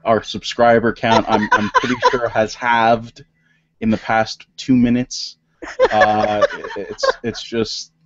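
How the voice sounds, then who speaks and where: A man's voice: fairly low pitch, level tone, slow, a bit bright, slight background noise. A man co-hosting a casual political podcast, talking in rambling sentences with many restarts and fillers. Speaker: podcast co-host. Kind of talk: casual panel chat. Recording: dull lo-fi audio.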